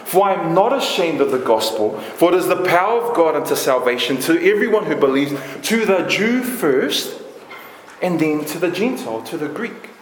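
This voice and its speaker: Brief: New man, passionate sermon, high voice, reverberant church hall. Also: expressive, moderate pace, a little hiss or hum. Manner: passionate, emphatic preaching with list-like repetition. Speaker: preacher. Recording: echoey room.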